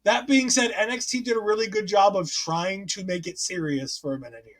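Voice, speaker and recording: High-voiced chatty man recapping wrestling. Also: a little fast, a bit bright. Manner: chatty, self-correcting, reads listener comments aloud. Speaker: podcast host. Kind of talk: casual wrestling recap chat.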